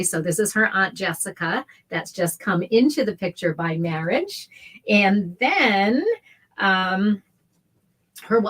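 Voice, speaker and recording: A middle-aged woman hosting a casual sewing livestream, chatty and heartfelt, greeting viewers by name. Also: mid-range voice. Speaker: sewing show host. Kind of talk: casual livestream tutorial chat.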